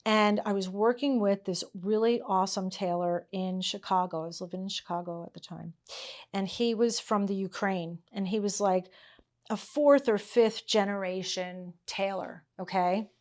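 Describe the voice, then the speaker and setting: A woman's voice: medium pitch, normal speed, darkish tone. A middle-aged woman teaching tailoring in her workshop, chatting casually, laughing often and checking in with "okay?" and "all right?". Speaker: tailoring instructor. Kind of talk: casual teaching chat with anecdotes.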